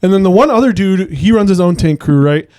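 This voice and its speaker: Man co-hosting a movie podcast, slightly high voice, rambling and filler-heavy, dry close mic. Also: lively intonation, fairly quick, mellow, no room sound. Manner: rambling, heavy use of "like", swears casually. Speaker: podcast co-host. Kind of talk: casual movie podcast chat.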